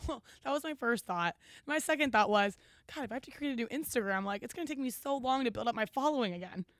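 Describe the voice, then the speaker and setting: A woman's voice: fairly high pitch, animated, fast, a bit bright, dry recording, clean studio sound. Chatty woman telling a story. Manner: storytelling, acts out quotes, laughs often. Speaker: podcast co-host. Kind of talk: casual chat.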